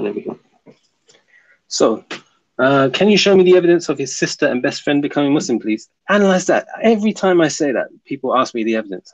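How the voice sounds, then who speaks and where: Casual male streamer with mid pitch and a gravelly edge, answering viewer chat on a slightly dull home-stream recording. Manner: reads viewer comments aloud and answers them, laughs often. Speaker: livestream host reading chat.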